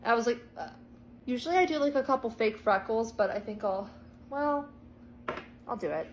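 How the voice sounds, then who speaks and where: A woman in her twenties telling a casual storytime vlog, chatty and self-deprecating, with quick asides. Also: fairly high pitch, animated, slight background noise, poor audio. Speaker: TikTok storyteller. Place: parked car in the rain. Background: faint rain ambience.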